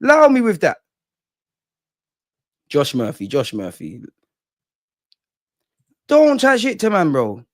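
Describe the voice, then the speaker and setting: High-pitched, ranting man. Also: slow pace, long pauses, no room sound, clean studio sound. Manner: animated, profane, exasperated ranting. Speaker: fan channel host. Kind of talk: ranting fan commentary.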